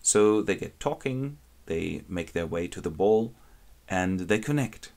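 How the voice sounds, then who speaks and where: A man's voice: low voice, animated, measured pace, darkish tone. A man wryly retelling a classic novel as a comic summary. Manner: wry, ironic storytelling. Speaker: narrator.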